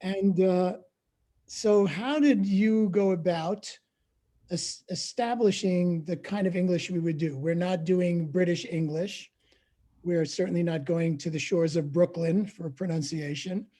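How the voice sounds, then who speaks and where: A man with a warm, mellow voice hosts an interview. He asks his guests questions in an easygoing, conversational way. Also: sits high, unhurried. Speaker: interviewer, opera company director. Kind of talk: hosting an interview.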